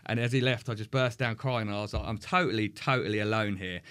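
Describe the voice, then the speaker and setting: A man's voice: lowish voice, fairly bright tone. A man, a podcast guest, talking candidly and swearing freely, often restarting his sentences. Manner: frank, sweary, halting with restarts.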